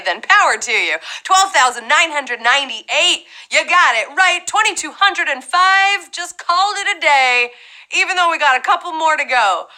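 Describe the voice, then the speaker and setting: A young woman hosting a live trivia game show, playful and chatty with quick asides. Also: sits high, bright, forceful tone, poor audio.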